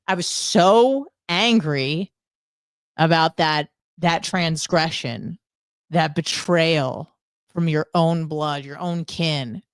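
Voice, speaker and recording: Low, smooth-voiced woman ranting bluntly. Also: slow pace, dry recording, studio quality. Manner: blunt, profane, sarcastic storytelling. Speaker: podcast co-host. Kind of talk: casual ranting monologue.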